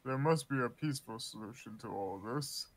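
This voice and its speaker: A man voicing a menacing, weary king of cards from a game, in a slow, grand manner. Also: mid-range voice, close to an everyday voice. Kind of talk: fan voice-over of game dialogue.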